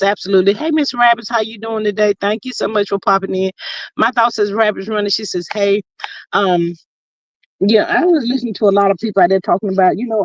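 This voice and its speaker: A woman hosting a casual livestream, reading viewer comments aloud and telling stories with big pitch swings, drawn-out exclamations and frequent laughter. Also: no echo. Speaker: livestream host. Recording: dull lo-fi, dry sound.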